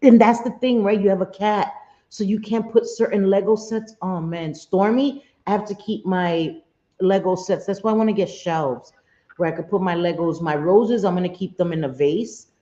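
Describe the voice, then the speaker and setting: A middle-aged woman chats casually on a live stream, laughing often, cursing freely, and answering viewers directly. Her voice is mellow and medium-pitched at normal speed, and the recording sounds roomy and slightly dull.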